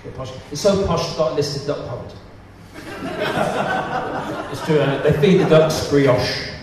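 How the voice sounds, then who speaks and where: A man doing stand-up comedy, lively and laughing through his punchlines. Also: fairly high pitch, unhurried. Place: comedy club stage. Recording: distant echoey hall with noise.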